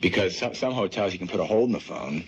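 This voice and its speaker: A man's voice: sits low, quick pace. A man in a touring music group, chatting in a radio interview and acting out the voices in his anecdotes. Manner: animated, acts out voices in anecdotes. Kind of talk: casual interview chat. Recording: muffled 1970 radio broadcast with faint hiss.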